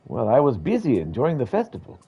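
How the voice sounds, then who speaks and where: A man's voice: medium pitch, fairly quick, vocal fry, husky. A man streaming a game playthrough, reading the characters' lines aloud in changing voices and accents. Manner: animated, switches into different voices and accents for each character. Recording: dull lo-fi stream audio with faint game music.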